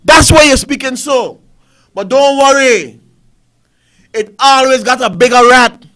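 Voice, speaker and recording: A man's voice: extremely high pitch, unhurried, a bit bright. A man with a Caribbean English accent, hosting a talk show and ranting about politics with repeated rhetorical questions. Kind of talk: fiery political commentary.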